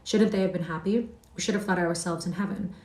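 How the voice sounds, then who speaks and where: A woman's voice: fairly low pitch, steady tone, fast, a little mellow, natural voice. A woman reading aloud as Heathcliff, a wild, defiant boy telling his tale with fierce scorn, heard in a roomy space from a distant mic. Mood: scornful.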